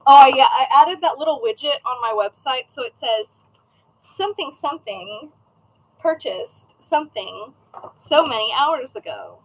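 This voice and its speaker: Higher-voiced woman, thirties, rambly live stream chat from her desk at home, says hi to the chat by name. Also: lively intonation, unhurried, breathy edge, low-quality recording. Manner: chatty and rambling, greets chat viewers by name. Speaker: craft shop owner streaming live. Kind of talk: casual livestream chat. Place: at home, indoors. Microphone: camera set up at a desk.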